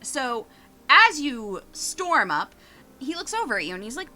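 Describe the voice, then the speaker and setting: A woman narrating as game master of a tabletop game, animated and giggly, with frequent fillers. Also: high-pitched, unhurried.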